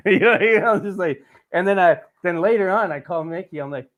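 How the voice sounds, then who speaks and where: A man's voice: high voice, brisk, fairly bright tone. A man hosting a casual podcast, telling a rambling, profane story with lots of asides. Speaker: podcast host.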